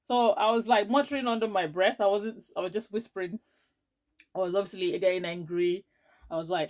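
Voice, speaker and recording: A woman from Edo State with a Nigerian accent, telling a storytime vlog in a lively, expressive way. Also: mid-range voice, a little fast. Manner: lively, expressive, rising to anger as she tells it. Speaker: vlogger.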